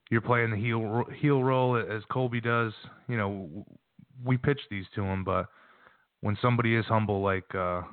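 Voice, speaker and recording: A male show host with a lowish voice who talks in a loose, rambling way and often restarts his sentences. The sound is tinny and phone-like, and it is completely dry. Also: no echo. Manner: chatty, rambling, self-correcting. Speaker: podcast host. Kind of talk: casual chat.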